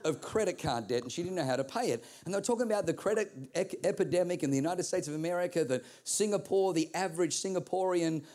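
A man from Australia preaching a sermon, telling stories in an animated way with repeated words. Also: high-pitched, fast talker, few pauses. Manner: animated storytelling with comic voices and repeated words.

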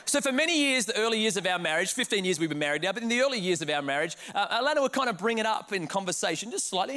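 Bright, high-voiced Australian preacher. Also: male voice, very fast, few pauses. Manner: animated, comic, self-mocking storyteller. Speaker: pastor. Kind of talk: preached storytelling sermon.

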